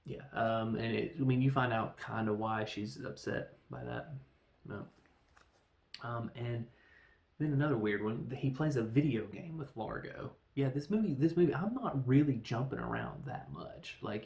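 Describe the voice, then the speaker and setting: Gravelly man rambling through a film recap. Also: medium pitch, darkish tone, echoey room. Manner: rambling, acts out characters in quick voices. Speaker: podcast host reviewing films. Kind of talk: casual film review monologue.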